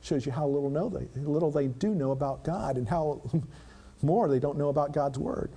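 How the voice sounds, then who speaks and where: A man's voice: a little high, normal speed, dark tone, husky. A man preaching a sermon, reading scripture aloud and breaking into dramatic plain-spoken commentary with rhetorical questions.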